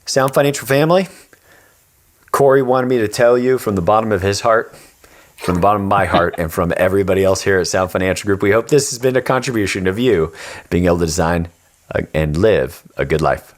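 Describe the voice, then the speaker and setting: Deep-voiced man telling an animated story. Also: brisk. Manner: animated storyteller, acts out the characters; reflective, earnest advice. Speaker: podcast host. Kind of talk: casual storytelling chat.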